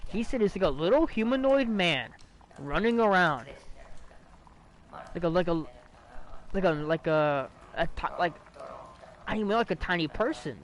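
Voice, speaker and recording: A man's voice: sits high, animated, moderate pace, pauses often, poor audio. A young man streaming, telling a ghost story to his chat in a rambling, profane way, full of restarts and fillers. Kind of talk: casual livestream storytelling.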